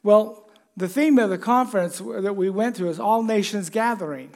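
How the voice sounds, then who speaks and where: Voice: mid-range voice, moderate pace, darkish tone. Joking, chatty pastor preaching. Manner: chatty and joking, asks the congregation questions. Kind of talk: conversational sermon.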